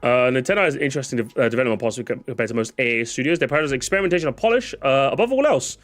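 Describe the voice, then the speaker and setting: A man's voice: medium pitch, animated, racing, soft background music. A young man streaming a casual reaction to comments, sarcastic and jokey, often stammering and restarting his sentences.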